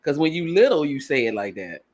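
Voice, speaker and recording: A woman's voice: low-pitched, sing-song, brisk, a crowd in the background. A woman co-hosting a casual live chat, teasing and playfully repeating words. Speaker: livestream co-host.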